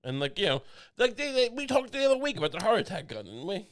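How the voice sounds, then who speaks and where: A man's voice: high-pitched, sing-song, fast. A man co-hosting a podcast in rambling, joking casual chat, often stammering and restarting. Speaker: podcast co-host.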